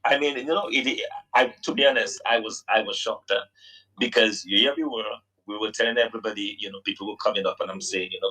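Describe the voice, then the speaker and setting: A man from Dominica on a radio talk show, speaking earnestly and haltingly, often repeating words as he searches for the phrasing. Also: on the low side, pushed and bright, breathy edge, poor audio. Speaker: guest recounting a roadside accident. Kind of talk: radio phone-in conversation.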